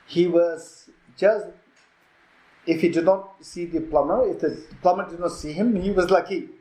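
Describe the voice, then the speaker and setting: A Buddhist teacher with a Tibetan accent telling a teaching story, halting and repeating words as he acts out dialogue. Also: sits high, dark tone. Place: retreat teaching hall. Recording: echoey hall.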